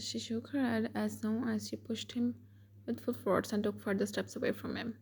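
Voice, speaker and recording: Female narrator for a romance fan story; gravelly, mellow, husky. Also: fairly high pitch, level tone, moderate pace. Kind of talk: scripted fan fiction narration.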